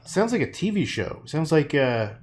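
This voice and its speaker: A man's voice: on the high side, sing-song, moderate pace, slight background noise. A man painting on a livestream, rambling, joking and swearing as he talks to his chat.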